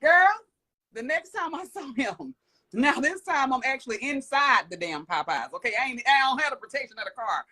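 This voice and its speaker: A woman guest who owns an urban farming business, chatting casually in a blunt, rambling, animated way. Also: high voice, normal speed, slightly rough. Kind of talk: casual chat.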